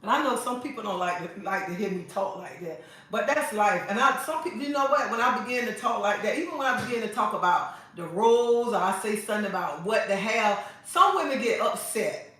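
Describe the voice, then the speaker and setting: A woman's voice: mid-range voice, expressive, brisk, fairly bright tone. A woman host chatting casually on a livestream, sassy and preachy, calling her viewers honey. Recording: echoey room, mic at a distance.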